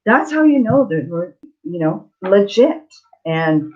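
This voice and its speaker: A middle-aged woman who reads tarot as a psychic tells a story on a live Q&A stream, blunt, chatty and prone to digressions. Her medium-pitched voice is very animated yet slow, with a dark tone. The lo-fi audio sounds slightly dull.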